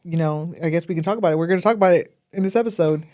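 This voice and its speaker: A woman's voice: on the low side, very fast, warm tone. A woman co-hosting a casual podcast chat, playful and teasing, with a slight lisp. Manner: playful, teasing, laughs often. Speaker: podcast co-host.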